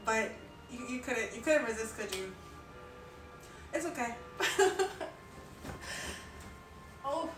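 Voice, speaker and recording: A woman's voice: fairly high pitch, expressive, slow, long pauses, distant mic. A young woman chatting casually on a live stream, rambling and giggling with lots of filler words. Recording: roomy, off-mic, music behind.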